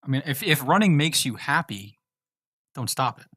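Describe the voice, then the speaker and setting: A man's voice: medium pitch, sing-song, normal speed, fairly bright tone, slightly rough, no room sound. Laid-back man answering chat, dry sound. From United States. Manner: laid-back, reads viewer questions aloud and answers loosely. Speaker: livestream host answering chat. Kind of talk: casual livestream chat.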